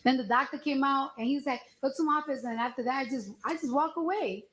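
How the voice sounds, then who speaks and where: A woman testifying as a witness in court, retelling an argument in animated detail and acting out both sides of it. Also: sits high, fast talker. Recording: roomy courtroom audio.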